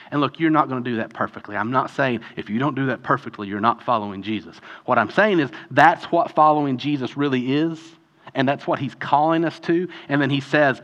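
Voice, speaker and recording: A man preaching a sermon in a conversational, animated way, often acting out quoted voices. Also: on the high side. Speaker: pastor.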